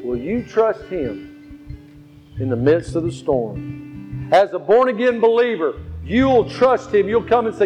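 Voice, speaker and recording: A pastor preaches in an unhurried, high-pitched and sing-song voice that is a little mellow. He tells stories and repeats phrases to emphasize them, over faint guitar on a slightly dull recording.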